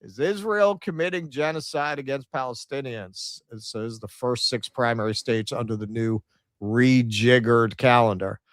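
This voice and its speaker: In a clean, dry studio recording, a medium-pitched man co-hosts a casual political commentary stream at a moderate pace. He reads out poll numbers and quotes, tossing in sarcastic, mocking asides.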